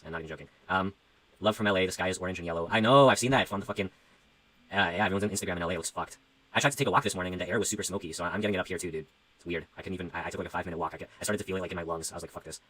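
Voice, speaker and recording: A man's voice: lowish voice, bright, forceful tone, rough recording. A young man who talks casually and profanely as he rambles on a livestream, reading out donations and musing about his music. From Canada.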